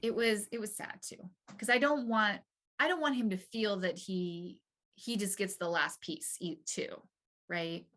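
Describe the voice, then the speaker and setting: A woman's voice: medium pitch, measured pace, fairly bright tone. A young woman, a mother, talking openly and hesitantly with restarts in a therapy session. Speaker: client mother.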